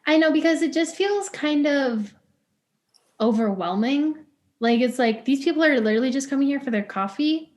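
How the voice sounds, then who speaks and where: Young woman co-host, fairly high voice, rambly giggly chat. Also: lively intonation, moderate pace, darkish tone. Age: young adult. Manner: rambling, many "like" fillers, giggly. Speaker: podcast co-host. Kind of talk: casual chat.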